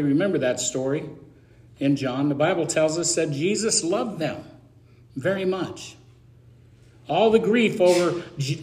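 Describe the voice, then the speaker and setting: A middle-aged man preaching a sermon with a slightly higher voice than most men. He talks in a chatty, emotional way and drops self-deprecating asides between his points.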